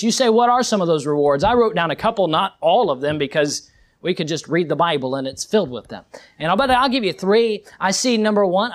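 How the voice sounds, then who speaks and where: A young man preaching a sermon as pastor, rising to fervent peaks and dropping to quiet reflection. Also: high-pitched.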